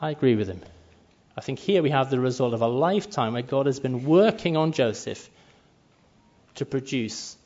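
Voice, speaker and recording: A man preaches a sermon in a conversational way, sometimes acting out brief quoted lines. His medium-pitched voice is animated, a little mellow, and moderately paced. The recording has a muffled lo-fi sound.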